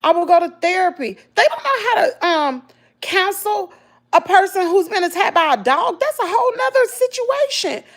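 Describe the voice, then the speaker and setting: High, gravelly Southern woman vlogger. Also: moderate pace. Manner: emotional, animated storytelling, addresses viewers as y'all. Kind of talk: casual chat to viewers.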